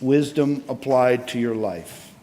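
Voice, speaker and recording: A man's voice: medium pitch, takes it slowly, dark tone. A man preaching at a men's conference, making emphatic numbered points and reading scripture aloud. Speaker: conference speaker. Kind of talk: sermon. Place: church sanctuary. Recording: long hall reverb.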